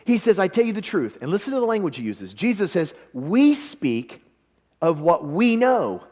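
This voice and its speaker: Animated, lively-pitched male preacher. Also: normal speed. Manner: animated, conversational, acts out quoted voices. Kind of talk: lively revival sermon. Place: church.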